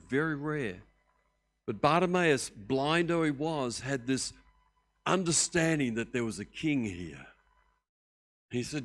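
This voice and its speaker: An older Australian man preaching a sermon as pastor, animated and joking in a conversational way. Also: fairly high pitch, normal speed.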